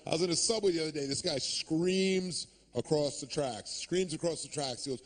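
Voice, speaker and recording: A male stand-up comedian, in his thirties, doing a profane, sardonic set on a club stage, jumping into quick character voices. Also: on the high side.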